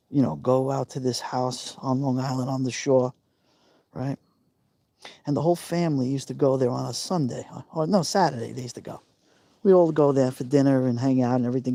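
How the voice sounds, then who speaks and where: Mellow-voiced New man in his fifties. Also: medium pitch, no room sound. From New York. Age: 50s. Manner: emotional, confiding, repeats himself for emphasis. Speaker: live-stream host. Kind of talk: personal storytelling.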